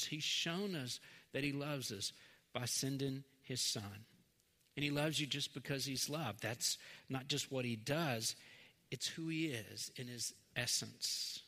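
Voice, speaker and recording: A middle-aged man preaching in an earnest, heartfelt way, sometimes dropping low and slow, then pressing a point with force. His voice sits at an ordinary male pitch and rings with a long hall reverb. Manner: earnest, swings from soft to emphatic. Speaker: pastor. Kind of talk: sermon.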